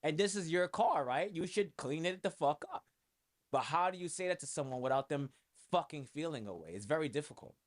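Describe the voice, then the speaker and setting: Now his voice runs fairly high, expressive and a little fast. The New Yorker, a music producer with a New York accent, keeps his solo podcast casual, rambling and profane, heavy on fillers.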